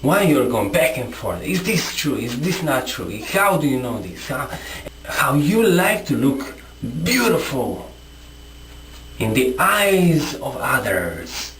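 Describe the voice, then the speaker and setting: Male vlogger, combative rant to camera, lively swinging pitch, echoey room. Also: slow pace, a little hiss or hum. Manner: confrontational, repetitive, rhetorical questions. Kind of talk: impassioned monologue to camera.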